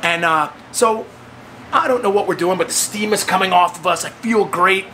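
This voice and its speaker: An American man with a high, bright voice hosts a fitness training program, talking casually at a normal pace. He tells stories with animation, acting out quoted voices through big jumps in pitch, while a faint hiss sits in the background.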